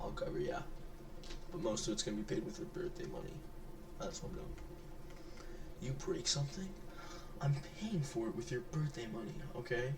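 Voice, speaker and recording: A man who is sick, giving a rambling, joking commentary as he reacts to a video, often trailing off and restarting his thoughts. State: sick, voice affected by illness. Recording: distant mic with clear rumbling noise.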